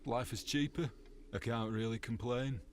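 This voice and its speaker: An actor playing a weary railway station master in a mystery video game. He sounds resigned and downbeat, with a mid-range voice. Faint hiss and soft ambience come through under the game audio. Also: medium pitch, fairly even intonation, moderate pace, lightly acted.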